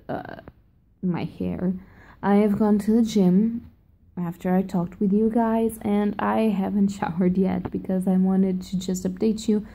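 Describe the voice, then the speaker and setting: A woman's voice: medium pitch, vocal fry, dark tone. Gushing young woman vlogging in an echoey room. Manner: gushing and emotional, laughs often. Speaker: book vlogger. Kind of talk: casual vlog chat.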